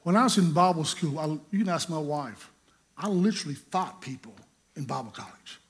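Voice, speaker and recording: A middle-aged preacher from North Carolina, his voice sitting a touch higher than most men's. He tells his story in an animated, joking way, acting out every quote. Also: brisk, husky. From North Carolina, USA. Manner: animated, humorous, acts out quotes. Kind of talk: sermon storytelling.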